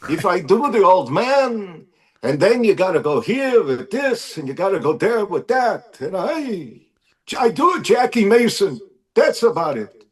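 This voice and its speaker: A man's voice: high voice, sing-song, measured pace, breathy edge, pitched above the performer's own voice, full character voice. A man putting on an old grandfather voice. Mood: kvetching. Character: old Jewish grandfather, kvetching comic.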